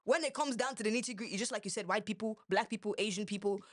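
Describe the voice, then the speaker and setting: A woman's voice: medium pitch, fast talker, fairly bright tone, no room sound. Podcast co-host: young woman, playful rambler, dry close sound. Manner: rambling, playful, slips between accents. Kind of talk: casual podcast chat.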